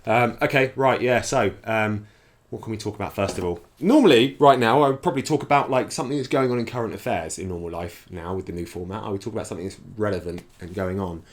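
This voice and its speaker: A man's voice: on the low side, fast. A man hosting a casual home podcast, rambling and self-deprecating, whose speech is slightly altered by a dental brace. He records in a hot upstairs home office. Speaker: podcast host. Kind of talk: casual chat.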